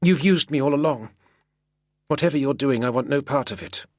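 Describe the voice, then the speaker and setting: A man's voice: medium pitch, moderate pace, a little mellow, no echo, clean studio sound, voice pushed up, close to an everyday voice. Man putting on a choked, fierce noblewoman. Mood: angry. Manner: choked, intense. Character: distressed noblewoman, fierce and frightened. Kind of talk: audiobook character reading.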